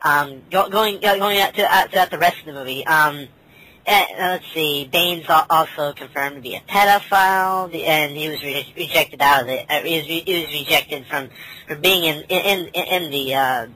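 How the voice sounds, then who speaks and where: A woman's voice: sits low, moderate pace, sharp tone, breathy edge, poor audio. A woman hosting a casual podcast chat, ranting with lots of swearing and stammered restarts. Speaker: podcast host.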